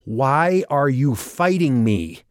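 A man voicing a whip-thin, scowling, bitter man who sneers and strains close to a shout. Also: low-pitched, a little slow, creaky, no room sound, heavily acted. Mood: bitter, sneering.

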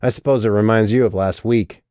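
A man reading an audiobook and voicing a sharp, sardonic woman who has been drinking. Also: fairly low pitch, fairly even intonation, brisk, smooth, dry recording, clean studio sound, natural voice.

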